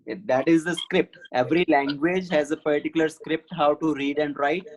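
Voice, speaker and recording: A man's voice: a little high, fairly even intonation, normal speed, poor audio. A man teaching a Sanskrit class online, patiently explaining step by step and answering questions.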